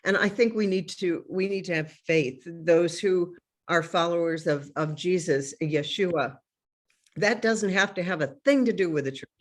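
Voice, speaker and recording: A woman doctor who is a guest in a casual interview, speaking in a reflective, measured way over a video call. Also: lowish voice.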